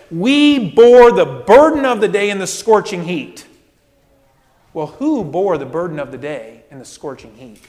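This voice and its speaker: A male pastor delivers a sermon in a high, light voice, taking his time over every phrase. He swings from loud, pointed quoted complaints to hushed, low asides. His voice rings out with a long reverb tail, as in a large church hall.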